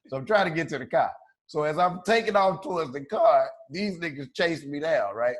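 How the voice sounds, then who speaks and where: A man's voice: fairly high pitch, expressive, fairly quick. A man from Chicago telling a wild story on a podcast in a loose, profane, slangy way, laughing as he goes. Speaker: podcast co-host. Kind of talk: casual storytelling.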